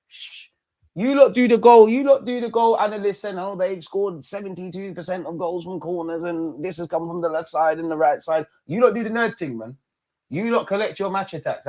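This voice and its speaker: A man streaming a live football watchalong, excitably shouting at players and the referee and bantering with his chat. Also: on the high side. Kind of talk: live match reaction commentary.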